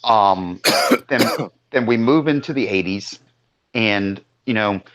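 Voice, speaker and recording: A man hosting a podcast, giving slow, opinionated views with casual swearing. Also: fairly low pitch, fairly bright tone, rough recording. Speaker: podcast host.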